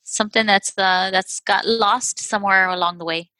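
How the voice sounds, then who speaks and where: In a relaxed podcast chat, this female co-host laughs a lot and tells stories with animation. She talks at a normal pace in a medium-pitched voice, with no echo on the recording.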